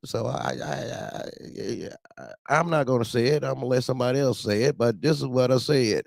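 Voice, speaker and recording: A man telling a profane, animated story about his truck. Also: mid-range voice, a little fast, creaky, dry recording, studio quality. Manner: profane, animated, acts out other voices. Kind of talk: casual storytelling.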